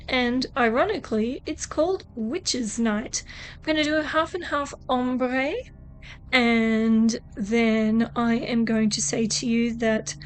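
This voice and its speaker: A woman with an Australian accent, chatting casually and joking as she shows a nail tutorial, with frequent swearing. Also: a little high. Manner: chatty, swears freely, jokey. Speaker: nail artist vlogger.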